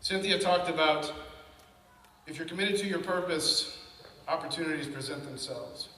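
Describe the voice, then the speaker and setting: A man in his fifties giving an animated, conversational talk to an event audience, telling personal stories. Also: on the high side, moderate pace, recorded from a distance. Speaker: panel speaker. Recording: echoey hall from afar, faint noise.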